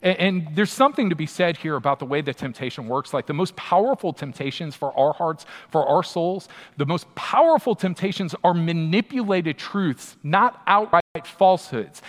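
A man, a pastor, preaching a sermon in a conversational, emphatic way, often turning to the listeners with quick asides. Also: on the high side, lively intonation, a bit bright. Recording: long hall reverb.

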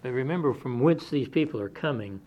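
A man's voice: medium pitch, expressive, brisk, darkish tone, a little hiss or hum. A man preaching an expository sermon, reading scripture aloud and explaining it in a conversational, plain-spoken way. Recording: dull lo-fi sermon recording.

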